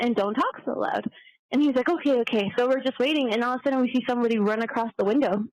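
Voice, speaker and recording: A woman's voice: a little high, very fast, a little mellow, dry recording, dull audio. A young woman leaving a chatty, swearing voicemail story as a caller.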